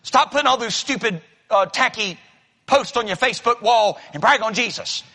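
A pastor's high, expressive voice moves at normal speed with a bright, forceful tone as he preaches in a church sanctuary. Folksy stories drive the sermon, and he plays out the voices of their characters. The sound has the long reverb of a big hall.

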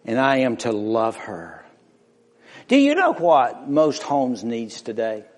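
A man's voice: medium pitch, big pitch swings, slow. A man preaching a sermon with passion, building through repeated phrases and rhetorical questions. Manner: impassioned, rhetorical questions, repetition. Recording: long reverb of a large hall.

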